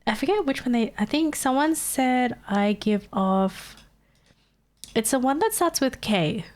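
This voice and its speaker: A woman's voice: on the high side, animated, unhurried, a little mellow. A young woman streamer with a stuffy nose and sore throat, chatting casually and answering her chat. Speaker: live streamer.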